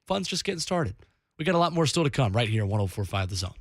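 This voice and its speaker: A man hosting a sports radio show, reading segment teases in a brisk, promotional on-air way. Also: mid-range voice, very animated, dry recording, clean studio sound. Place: radio studio.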